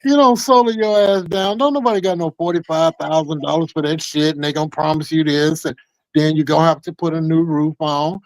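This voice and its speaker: Guy ranting thru a cussing story on a call-in show, kinda high voice, dry sound. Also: steady tone, fairly quick, no echo, poor audio. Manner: profane, heated rambling storyteller. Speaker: caller telling a story. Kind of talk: casual call-in chat.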